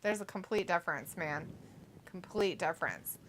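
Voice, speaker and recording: A woman's voice: on the low side, animated, moderate pace, a bit bright. A woman co-hosting a casual watch-along livestream, reading viewer comments aloud with a playful, giggly manner and loose swearing. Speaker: livestream co-host.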